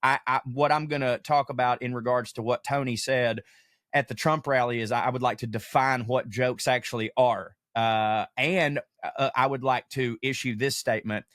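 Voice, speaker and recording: A male comedian hosting a podcast, ranting in an animated, profane way with comic asides. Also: medium pitch, moderate pace, no echo, studio quality. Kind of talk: casual podcast monologue.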